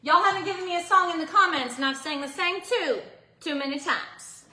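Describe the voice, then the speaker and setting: A woman's voice: very high voice, a little fast, bright, forceful tone, reverberant, slight background noise. A chatty woman, hosting a cooking stream from her home kitchen and talking to viewers as she bakes. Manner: bubbly, chatty, talks to viewers. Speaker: cooking vlogger.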